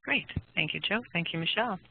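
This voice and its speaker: A woman's voice: on the low side, expressive, fast talker, vocal fry, a little hiss or hum. A woman moderating a webinar, politely relaying audience questions to the presenter. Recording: tinny phone-like webinar audio.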